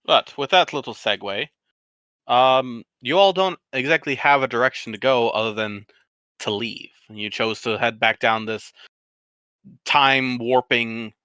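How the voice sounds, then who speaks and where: A man's voice: mid-range voice, unhurried, sharp tone, clear, resonant tone, no echo. A man narrating a tabletop game as game master, giving a rambling recap with fillers and self-corrections.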